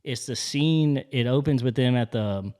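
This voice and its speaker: A man in an easygoing podcast chat with a middle-pitched voice. He tells stories in an animated way, slipping into different voices when he quotes scenes. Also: a little slow. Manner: animated storyteller who acts out quoted movie lines. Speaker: podcast co-host.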